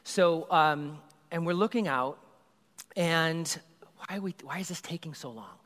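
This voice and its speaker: Animated man telling a story in a hall. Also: on the high side, unhurried. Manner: animated, rambling, acts out scenes. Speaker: youth group leader telling a story. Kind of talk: comedic storytelling. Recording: reverberant hall.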